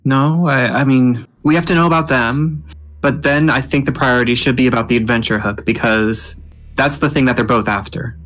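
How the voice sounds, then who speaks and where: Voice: medium pitch, normal speed, a bit bright. A tabletop player talking casually, often restarting sentences and joking around.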